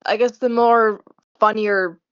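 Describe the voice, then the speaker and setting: A woman's voice: a little high, fairly even intonation, slow pace, smooth. A young woman in casual chat as a podcast co-host, telling rambling stories with frequent laughs. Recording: dull lo-fi sound.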